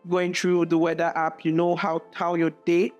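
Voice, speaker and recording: A woman's voice: lowish voice, completely flat delivery, moderate pace, a little mellow, dull audio, faint music behind. Nigerian woman telling a story. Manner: anecdotal, restarts and repeats words. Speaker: international student teacher. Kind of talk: casual interview storytelling.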